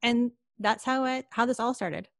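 A woman's voice: fairly high pitch, normal speed, no echo, clean studio sound. A woman, a psychic medium, telling a personal story in a podcast interview, chatty and full of fillers. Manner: lively, chatty, many fillers like "like".

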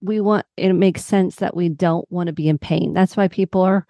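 A woman psychotherapist on a podcast, telling stories in an animated way and acting out what people said. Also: on the low side, moderate pace, no room sound, studio quality. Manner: animated storyteller, acts out quotes. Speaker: psychotherapist guest. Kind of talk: casual podcast conversation.

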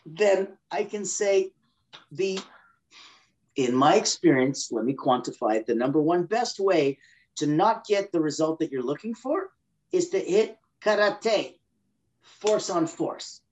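A man's voice: fairly high pitch, animated, unhurried. A man as a guest on a podcast interview, explaining with energy and acting out inner voices. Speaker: guest expert.

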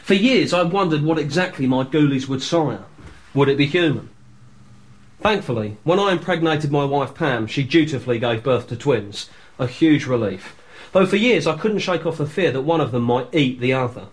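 A man playing a pompous, self-important male horror writer, speaking in a grandiose, deadpan scripted comedy monologue. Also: a little high, moderate pace, lightly acted.

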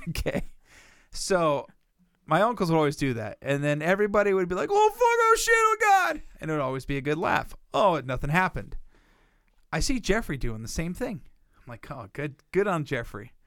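On a casual podcast, a male co-host rambles through profane anecdotes, voicing other people's lines as he goes. His pitch is fairly high, his intonation lively, and his tone fairly bright at a moderate pace. Studio quality, with no room sound.

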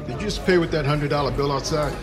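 An actor playing a stern security guard accusing a customer of paying with fake money. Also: male voice, fairly high pitch, quick pace, lightly acted. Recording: TV clip with music behind.

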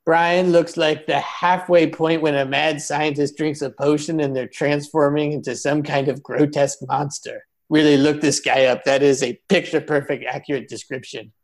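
A man hosting a comedy roast podcast, mocking guests with big swings between loud jabs and muttered asides. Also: a little high, flat delivery, normal speed, hardly any pauses.

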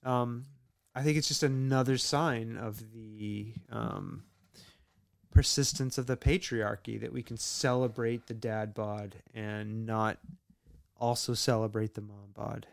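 Gravelly man hosting a casual chat. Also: mid-range voice, fairly even intonation, takes it slowly, no room sound. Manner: hesitant, many ums, earnest. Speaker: podcast host.

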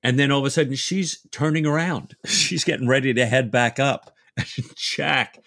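A man's voice: medium pitch, normal speed, gravelly, a bit bright, no room sound, studio quality. A man co-hosting a book podcast, chatting enthusiastically about the story. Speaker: podcast co-host. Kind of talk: casual book discussion.

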